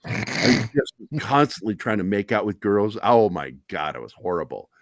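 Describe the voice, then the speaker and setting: A man's voice: lowish voice, lively intonation, moderate pace, no echo, studio quality. A middle-aged man hosting a talk show, telling candid personal stories in a blunt, profane, self-deprecating way. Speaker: podcast host.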